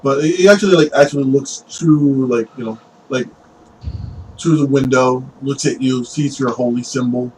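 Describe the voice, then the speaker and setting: A man's voice: medium pitch, moderate pace, darkish tone, slight background noise, poor audio. A man narrating as game master of a tabletop game, rambling with frequent fillers.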